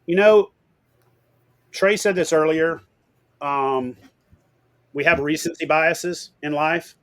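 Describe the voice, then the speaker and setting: Animated, swearing middle-aged man. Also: a little high, takes it slowly, clean tone. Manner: animated, swearing, acts out quotes loudly. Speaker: guest. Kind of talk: casual storytelling interview.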